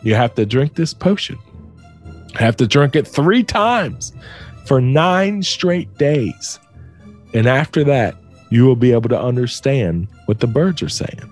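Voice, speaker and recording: Old hermit, calm and wise, unhurried, a man's retelling voice. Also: medium pitch, faint music behind.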